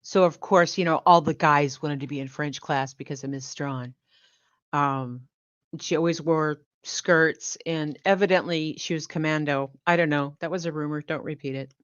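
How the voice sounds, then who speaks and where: Low voiced woman rambling slow, dry kinda muffled mic. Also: steady tone, smooth, no room sound. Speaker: guest. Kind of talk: casual chat.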